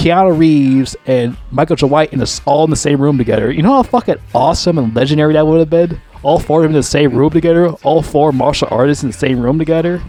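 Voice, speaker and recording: A man giving a casual, unscripted movie review, swearing constantly and rambling excitedly. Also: on the high side, fast talker, few pauses.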